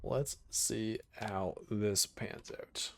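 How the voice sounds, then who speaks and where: A man's voice: fairly low pitch, very slow, vocal fry, a little hiss or hum. A man streaming a video game, chatting casually with his viewers as he picks options. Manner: relaxed, chatty, talks to chat while picking options. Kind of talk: casual game livestream commentary.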